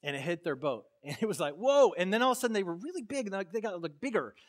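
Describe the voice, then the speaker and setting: A Florida pastor delivers a passionate sermon, moving between soft, low-pitched lines and loud bursts, before casually relating a personal story packed with fillers. His intonation is lively and his pace racing.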